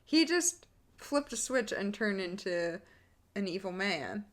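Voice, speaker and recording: A woman's voice: medium pitch, sing-song. A young woman co-hosting a podcast in casual chat, recounting events with frequent laughter and quoted dialogue. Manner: laughs often, quick, storytelling, quotes others. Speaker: podcast co-host.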